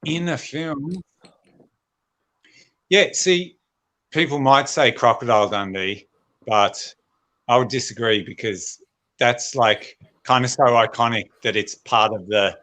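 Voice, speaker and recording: A man's voice: mid-range voice, a little slow, bright, forceful tone, rough recording. A man, a comedian guest, chatting casually and swearing freely on a video call. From Australia. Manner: laid-back, joking, swears freely.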